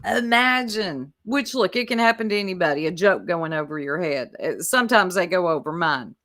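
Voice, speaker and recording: A woman's voice: lowish voice, lively intonation, fairly quick, a bit bright. A woman, chatting casually with viewers and laughing as she reacts to clips. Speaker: commentary streamer.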